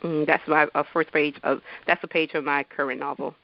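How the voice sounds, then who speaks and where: Woman author and teacher reads from her novel, halting, with fry in the voice. Dry, dull recording. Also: low-pitched, fairly even intonation, no echo. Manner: halting, with many fillers and restarts. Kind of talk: introduction and reading from her novel.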